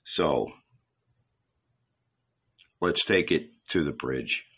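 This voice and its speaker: Slow, bright-toned male reader. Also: rumbling low, expressive, husky. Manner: measured, deliberate. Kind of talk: slow dramatic reading of a novel. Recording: slightly dull lo-fi recording.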